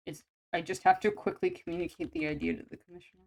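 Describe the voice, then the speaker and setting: A woman's voice: on the low side, sing-song, fast, creaky. A woman artist chatting casually while drawing on stream, rambling and self-deprecating. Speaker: artist streaming sketch commissions.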